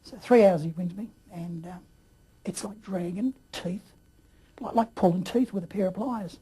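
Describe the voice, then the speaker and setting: A man telling his story in a rambling way, with many fillers and throat clearing. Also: high-pitched, normal speed, dark tone. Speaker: interview guest. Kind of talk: casual storytelling.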